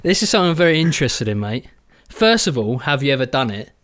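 Lively teasing young man. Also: medium pitch, fast talker. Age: young adult. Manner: laddish, teasing, swears a lot, laughs often. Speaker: podcast co-host. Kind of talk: casual chat.

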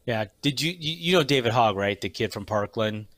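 A middle-aged man co-hosting a podcast, telling stories in casual chat with halting restarts. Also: mid-range voice, lively intonation, fairly bright tone, dry recording. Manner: chatty storyteller, halting restarts. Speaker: podcast co-host.

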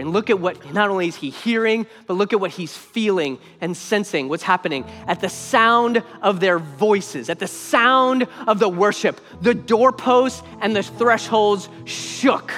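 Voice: mid-range voice, measured pace, hardly any pauses, a bit bright. A preacher delivering an emphatic sermon, repeating phrases for weight, in a church sanctuary. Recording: long hall reverb with faint music.

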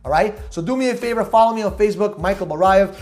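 A man hosting a motivational podcast, talking loudly and emphatically with high energy and casual slang. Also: fast talker, faint music behind. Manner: repetitive, hype-driven street slang. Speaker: podcast host.

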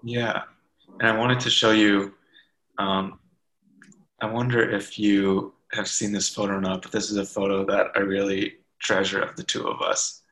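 A man talks casually with his former coach in a relaxed, loose way, dropping plenty of filler words. His voice carries a noticeable room echo. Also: lowish voice, moderate pace. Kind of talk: casual conversation. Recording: roomy echo.

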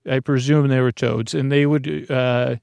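A man hosting a sleep podcast, drifting through a meandering, soft-spoken bedtime monologue full of restarts and asides. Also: medium pitch, fairly even intonation, measured pace, creaky, smooth, no room sound.

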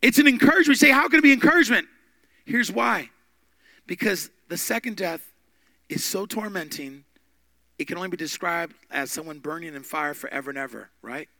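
A male pastor preaches with emphatic energy, his voice riding high with a gravelly edge. He swings between loud bursts and hushed asides. The sound is close and dry, with no room around it. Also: expressive, fairly quick, dry recording. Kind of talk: sermon.

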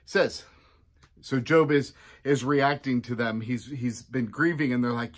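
A man who is a pastor, giving a casual devotional talk in a chatty way and acting out quotes with sudden jumps in his voice. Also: moderate pace. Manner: chatty, acts out quotes with big pitch jumps.

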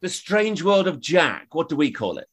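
High-voiced quizmaster man. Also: big pitch swings, a crowd in the background. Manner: teasing, brisk quizmaster. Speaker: quiz host. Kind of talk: pub quiz banter. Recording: podcast with a live room audience.

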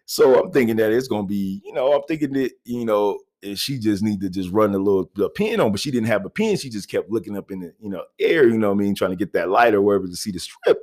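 A man's voice: lowish voice, lively intonation, quick pace, hardly any pauses, darkish tone. A man casually telling a personal anecdote in a laid-back, slangy way, often laughing and checking in with "you know what I mean". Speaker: storyteller.

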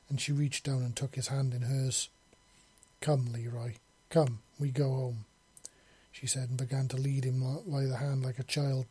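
A man's voice: mid-range voice, warm tone, husky. A man reading a story aloud in a plain way, with small slips and restarts.

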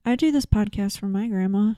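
A woman's voice: mid-range voice, a little fast, mellow, no room sound, studio quality. A woman co-hosting a podcast in casual chat, laid-back and wry, with many short agreeing replies. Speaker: podcast co-host.

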